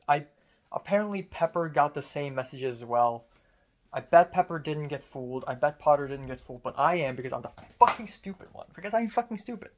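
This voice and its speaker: A man ranting on a vlog, angry and swearing, mocking himself with sarcasm. His voice is strained and deepened from screaming. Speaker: vlogger. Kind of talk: personal rant.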